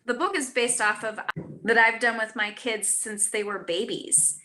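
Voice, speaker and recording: A woman's voice: fairly high pitch, fairly even intonation, normal speed, pushed and bright. A woman in her thirties or forties, an author chatting earnestly on a live stream, with many fillers and restarts. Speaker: author guest. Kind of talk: casual live chat.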